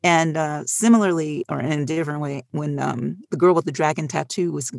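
A middle-aged audiobook narrator talking casually on a panel, telling animated stories with frequent laughs. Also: mid-range voice, fairly quick, vocal fry, no room sound, clean studio sound.

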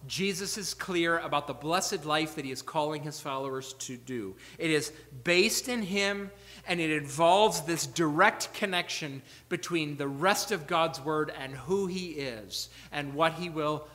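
A male pastor delivers a sermon in a high, bright voice. He presses his points with repeated rhetorical questions, then drops to quiet asides. The sound rings with the long reverb of a church sanctuary. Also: moderate pace. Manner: earnest, rhetorical questions, swings between loud emphasis and quiet asides.

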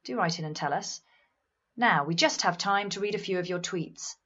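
An actress playing a brisk co-host reading out listener messages. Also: female voice, on the low side, bright, forceful tone, husky, highs cut off.

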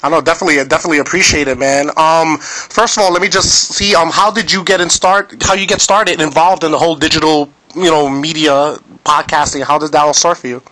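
A man with a New York accent hosting a podcast interview, fast and energetic. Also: fairly high pitch, slight background noise, poor audio. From New York City. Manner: fast, energetic and aggressive-sounding. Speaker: podcast host. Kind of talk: casual interview.

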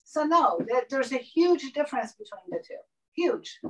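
A woman guest in a casual interview, telling stories and acting out the lines of others with lively emphasis. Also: sits high, moderate pace. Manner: animated, acts out quoted dialogue. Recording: voice somewhat distant from mic.

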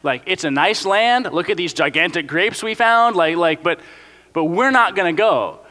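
A man voicing a group of fearful spies who flatly refuse to go on, in a drawled, casual way. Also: high voice, moderate pace. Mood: dismissive. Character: ten fearful spies, dismissive men. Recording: long hall reverb.

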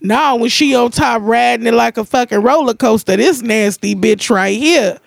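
A woman's voice: on the high side, creaky, no echo, studio quality. A woman co-hosting a casual podcast, talking bluntly and crudely about her day. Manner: blunt, crude, quick-witted. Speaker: podcast co-host. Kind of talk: casual chat.

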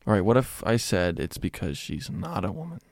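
A man's voice: fairly low pitch, big pitch swings, a little fast, vocal fry, no echo, studio quality. A man co-hosting a comedy podcast, trading provocative jokes in casual banter. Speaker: podcast co-host.

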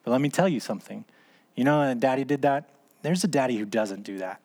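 A man's voice: mid-range voice, fast talker, a little mellow. A man in his thirties or forties leading a small church discipleship group, teaching in a casual, conversational way and asking and answering his own questions. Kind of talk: casual teaching talk ending in prayer.

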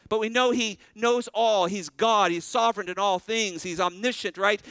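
A man's voice: high voice, fairly bright tone, smooth, no room sound, rough recording. A male pastor preaching a sermon, earnestly putting questions to his congregation.

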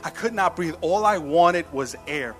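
A male pastor preaching a sermon in a church, telling animated stories and laughing at himself. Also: fairly high pitch, unhurried, faint music behind.

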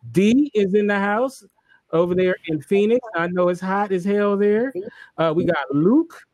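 A man's voice: high voice, measured pace, darkish tone, dry recording. A man hosting a casual livestream chat, laid-back and slangy, laughing often. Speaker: host.

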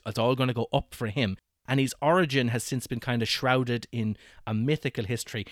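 A man's voice: medium pitch, no room sound, clean studio sound. A man hosting a podcast, telling a history story in casual chat, often laughing and acting out what people said. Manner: animated, laughs often, acts out quotes.

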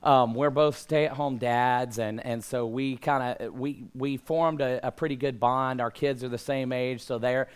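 A man's voice: medium pitch, steady tone, measured pace, few pauses, clean tone. A man in his thirties preaching a casual, conversational sermon to a congregation, slightly out of breath and building to emphatic calls. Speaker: pastor. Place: church hall with congregation.

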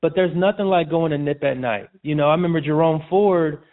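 Man, podcast guest, relaxed chatty manner, slightly high voice, phone-like audio. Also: a little fast. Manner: casual, repeats and restarts, says "man" often. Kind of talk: casual interview chat.

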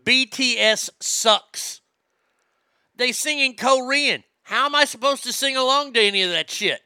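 A man hosting a comedy show, ranting loudly and profanely and mocking celebrities. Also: very high voice, animated, fairly quick, clear, resonant tone, no room sound. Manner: loud, profane, mocking, laughs at own jokes. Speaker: comedy podcast host. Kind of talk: crude comedic rant.

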